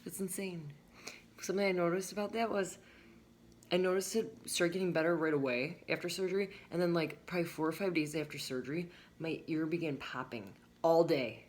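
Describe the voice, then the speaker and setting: A woman's voice: fairly low pitch, fairly even intonation, fairly quick, a little mellow. A young adult woman talking candidly to her viewers in a casual vlog, swearing freely as she goes through a list point by point. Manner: candid, swearing freely, lists items and reacts to each. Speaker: vlogger. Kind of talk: casual chat to camera.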